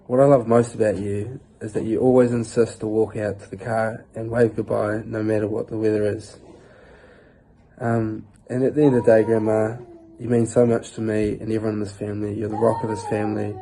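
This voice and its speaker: Young NZ man, dark low monotone, halting casual read. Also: slight background noise, low-quality recording. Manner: halting, with many uhs. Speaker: grandson. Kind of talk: heartfelt family tribute message.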